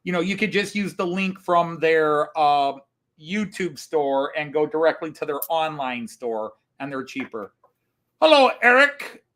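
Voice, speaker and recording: A man's voice: fairly high pitch, unhurried. A man co-hosting a live stream, chatting and joking casually.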